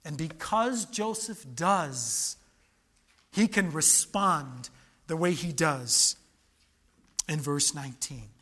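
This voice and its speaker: A man preaching a sermon, animated and dramatic, with sudden loud outbursts and questions thrown to the congregation. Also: on the high side, slow, long pauses, breathy edge.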